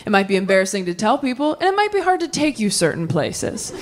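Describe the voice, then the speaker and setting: A young woman performs a stand-up set into a handheld mic, dry and deadpan, jumping into little acted-out voices for the people in her stories. Her voice sits at an ordinary middle pitch. The live recording carries clear background noise. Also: fast, hardly any pauses, a crowd in the background. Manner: deadpan storytelling with acted-out dialogue. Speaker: stand-up comedian. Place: comedy stage before a laughing audience.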